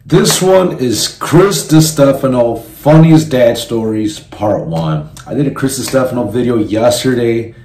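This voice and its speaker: A man's voice: mid-range voice, lively intonation, measured pace, hardly any pauses, darkish tone. Brief: male reaction-video host, casual friendly intro, roomy sound, light hiss. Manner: casual, friendly, direct address to viewers. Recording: echoey room with faint hiss.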